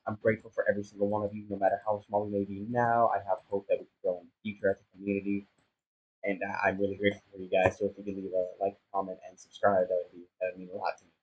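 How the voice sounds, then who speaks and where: A man's voice: on the low side, completely flat delivery, rapid-fire, breathy edge, muffled recording. A young man giving casual, self-mocking commentary on a sandbox building game, flustered and rambling as he fumbles along. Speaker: gaming YouTuber.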